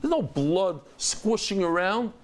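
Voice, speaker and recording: Lively man teaching Talmud. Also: sits high, takes it slowly. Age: over 50. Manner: storytelling, exclaiming and acting out dialogue. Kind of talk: animated Talmud lesson.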